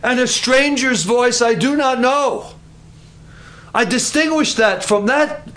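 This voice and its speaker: A man's voice: very high-pitched, slow, pushed and bright, voice pushed up, heavily acted. Samuel, a preacher voicing an eager young boy.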